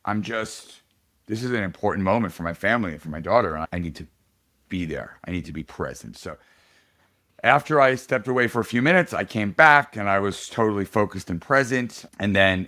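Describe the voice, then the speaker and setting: Animated middle-aged man telling a story. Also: lowish voice, normal speed. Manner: animated storytelling, laughs often. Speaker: political candidate. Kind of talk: casual podcast interview.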